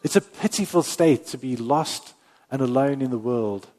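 Male pastor, mid pitch, earnest preaching with weighty pauses, long hall reverb. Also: darkish tone. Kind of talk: sermon.

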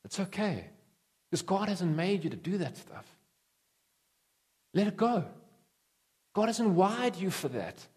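A man preaching a conversational sermon to a congregation, animated and repetitive, with sudden jumps in pitch. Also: a little slow, long pauses, breathy edge.

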